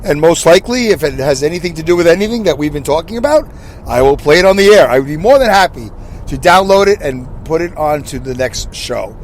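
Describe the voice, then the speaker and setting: A man's voice: a little high, animated, fairly quick, slight background noise. A man in his sixties hosting a casual solo podcast from his car, rambling and correcting himself, and asking listeners questions. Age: 60s. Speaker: podcast host.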